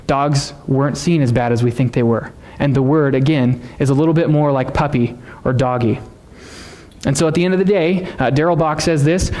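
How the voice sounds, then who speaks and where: In a church sanctuary, a U.S. pastor delivers a sermon in a mid-range, darkish voice with fairly even intonation and a fairly quick pace. His style is conversational teaching, and he asks the congregation questions.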